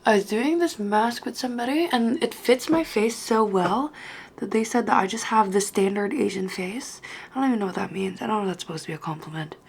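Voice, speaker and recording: A woman's voice: mid-range voice, brisk, gravelly, breathy edge. A tired young woman with an Australian accent, chatting casually to her viewers late at night at home. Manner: chatty, joking, talking to viewers. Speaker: vlogger. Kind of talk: casual study vlog chat.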